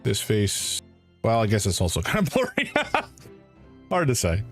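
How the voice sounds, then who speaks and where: A man's voice: fairly low pitch, huge pitch swings, measured pace, faint music behind. A man streaming a first playthrough of a detective game, thinking aloud in a hesitant way with frequent restarts. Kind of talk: casual live game commentary.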